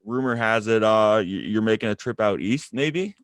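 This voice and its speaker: A man's voice: lowish voice, expressive, moderate pace, no echo, studio quality. A man co-hosting a casual podcast, joking and bantering with his co-host. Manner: laid-back, joking banter. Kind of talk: casual chat.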